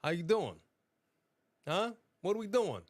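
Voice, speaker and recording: Brief: excitable male co-host, lively pitch swings, casual chat. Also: unhurried, no room sound, studio quality. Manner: excitable, exclaims often. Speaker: co-host of a wrestling watch-along.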